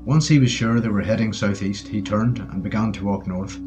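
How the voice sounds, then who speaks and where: A man narrating a wartime adventure audiobook in a steady storytelling voice. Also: lowish voice, moderate pace. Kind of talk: scripted narration. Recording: dull lo-fi with faint music.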